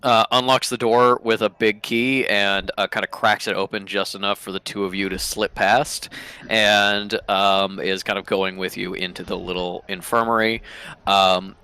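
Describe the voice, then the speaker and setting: A man's voice: lowish voice, flat delivery, normal speed, pushed and bright, clear, resonant tone. A man narrating as game master of a tabletop role-playing game, hesitant and full of fillers, laughing at his own jokes.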